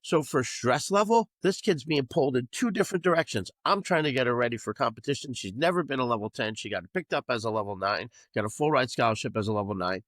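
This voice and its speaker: A man's voice: medium pitch, fast talker, few pauses, dry recording. A man, a gymnastics coach telling stories in a podcast discussion, his voice climbing as he gets worked up. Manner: animated storytelling, voice rising when he relives scolding.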